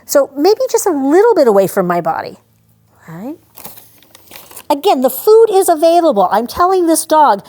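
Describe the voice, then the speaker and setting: Very animated, high-pitched and warm, this woman keeps a moderate pace while demonstrating service dog training. She explains every step to veterans directly in a practical, chatty way, breaking off for short commands to the dog.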